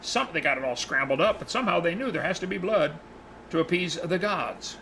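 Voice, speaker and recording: Guy teaching bible study, animated storyteller, kinda high bright voice. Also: a little fast, a little hiss or hum, low-quality recording. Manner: animated, acts out the characters' lines in his retelling.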